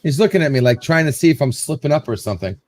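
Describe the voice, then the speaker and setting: Host, male, higher-pitched, rambling animated storyteller, dry close sound. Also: rapid-fire, dry recording. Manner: rambling storyteller, repeats words, acts out quotes. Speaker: show host. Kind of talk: casual chat, telling a story.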